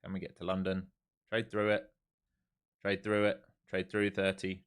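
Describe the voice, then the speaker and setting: A man's voice: sits low, completely flat delivery, normal speed, pauses often. A man hosting a live trading stream, giving jokey, repetitive commentary and urging his viewers on. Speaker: live stream host and trader.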